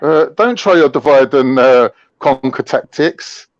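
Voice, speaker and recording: A man's voice: medium pitch, unhurried, dry recording, muffled recording. A man talking in heated, boastful, slang-heavy banter on a casual show. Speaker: show regular.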